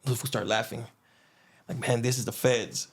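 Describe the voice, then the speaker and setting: A young man telling a long story in casual chat, rambling and filling gaps with "boom" and "you know what I'm saying". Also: little pitch movement, moderate pace, husky. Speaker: guest.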